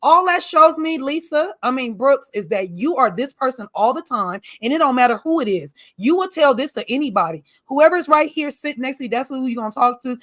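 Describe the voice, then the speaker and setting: A woman chatting casually in a fairly high voice, recorded close and dry with almost no room sound. She talks in a loose, colloquial way and throws in exasperated asides. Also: lively intonation, a little fast, hardly any pauses, a bit bright, no echo. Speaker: podcast co-host. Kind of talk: casual chat.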